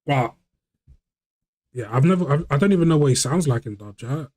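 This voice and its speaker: A man's voice: medium pitch, animated, fairly quick, mellow. A male streamer, chatting casually and playfully with a friend on stream. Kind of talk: casual chat.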